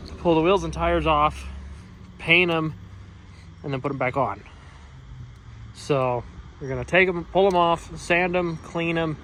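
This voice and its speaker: A mechanic vlogger casually talks through work on his old trucks outdoors at a home car shop, rambling with lots of "so, yeah" fillers and the occasional curse. His voice is a little high and a bit bright, on a low-quality recording with slight background noise.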